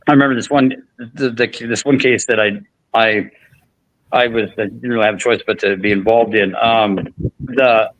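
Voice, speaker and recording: A man's voice: on the low side, fairly even intonation, normal speed, a bit bright, dry recording, low-quality recording. A man hosting a podcast, telling a long story in casual chat with frequent restarts and fillers. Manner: rambling, many restarts and fillers. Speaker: podcast host.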